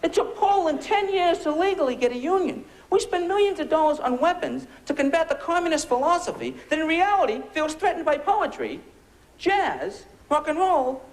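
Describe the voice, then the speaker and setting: A man doing a biting, sarcastic stand-up routine, firing off punchy rhetorical questions before a laughing audience. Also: extremely high pitch. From United States. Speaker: stand-up comedian. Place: comedy club stage before a laughing audience.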